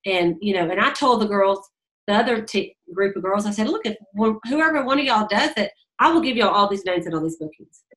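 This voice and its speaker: A woman's voice: medium pitch, expressive, a little fast, a bit bright, rough recording. A middle-aged woman, chatting casually as a sales director and acting out conversations with customers as she tells stories. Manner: chatty storytelling, acts out dialogue, laughs often. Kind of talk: casual advice monologue.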